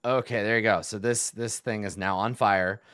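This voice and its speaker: A man narrating as game master in an online tabletop game, relaxed and chuckling, with plenty of uhs and ums. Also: fairly low pitch, moderate pace, clear, resonant tone, no echo, studio quality. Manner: relaxed, laughing, many fillers.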